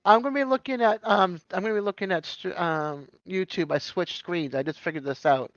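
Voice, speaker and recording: A man's voice: high-pitched, fairly quick, a bit bright, dry recording. A man with a Boston accent hosting a casual livestream, chatting, laughing often and greeting viewers from chat. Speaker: livestream host. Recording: dull lo-fi stream audio.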